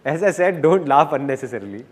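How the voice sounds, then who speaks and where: A man giving a playful, animated motivational speech to a live audience. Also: on the high side, quick pace, a little hiss or hum. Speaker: motivational speaker.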